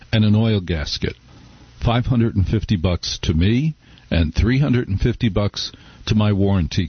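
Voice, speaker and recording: A man's voice: on the low side, breathy edge, no echo, lo-fi sound. A middle-aged man hosting a talk radio show, chatting in a wry, rambling, conversational way. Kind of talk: casual talk radio monologue. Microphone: studio microphone.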